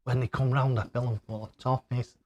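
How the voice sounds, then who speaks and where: A man's voice: mid-range voice, little pitch movement, fairly quick, a little mellow, highs cut off. An older man chatting casually on a live stream, reading out viewer messages and throwing darts, laughing often and fumbling over tricky names. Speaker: darts livestreamer reading chat.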